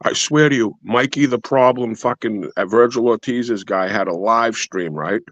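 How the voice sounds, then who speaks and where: A man's voice: mid-range voice, normal speed, a bit bright, no room sound. Man telling hyped crude stories, lo-fi. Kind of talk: casual chat. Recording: dull lo-fi stream audio.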